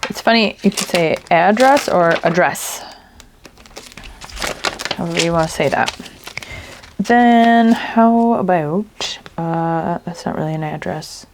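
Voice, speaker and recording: Woman crafter, unhurried talk, throat a bit ticklish, chats as she works, some noise behind. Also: on the low side. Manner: chatty, thinks aloud while working. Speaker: crafting channel host. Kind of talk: casual crafting chat.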